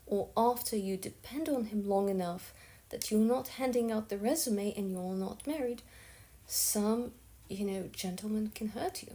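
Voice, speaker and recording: A woman's voice: medium pitch, normal speed, mellow. A woman giving an emphatic monologue commentary, acting out quoted speakers in a raised voice.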